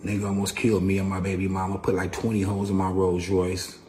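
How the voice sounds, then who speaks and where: A man's voice: low voice, monotone, fast talker, a little mellow. A man bluntly telling a threatening street story in a played clip. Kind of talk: casual storytelling. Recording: echoey clip with faint noise.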